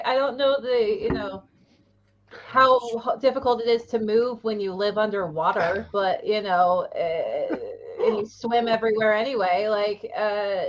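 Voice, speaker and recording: A woman co-hosting a comic review show, talking in a rambling, exasperated way with many restarts. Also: mid-range voice. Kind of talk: casual chat. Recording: dull lo-fi sound.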